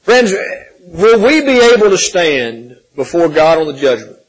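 High-voiced impassioned male preacher. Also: big pitch swings, unhurried, breathy edge, rough recording. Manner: impassioned, rising and falling between loud pleading and hushed softness; repeats words and restarts, addresses listeners as friends. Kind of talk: sermon.

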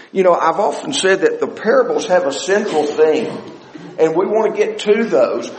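Man, pastor, preaching a sermon, higher-pitched, repeats words and drags points out, reverberant church hall. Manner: animated, repeats words, slows for emphasis.

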